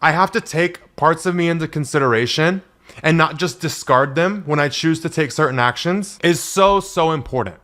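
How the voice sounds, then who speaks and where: A man talking alone into a podcast mic, his voice sitting a little higher than most men's. He is blunt and swears freely, and he laughs often at his own jokes. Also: moderate pace, a bit bright. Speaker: podcast host. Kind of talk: solo podcast monologue.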